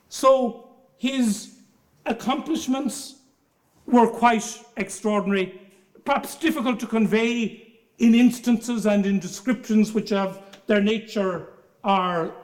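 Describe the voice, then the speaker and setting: A man, a barrister giving a formal lecture and telling anecdotes in a measured storytelling way. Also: sits high.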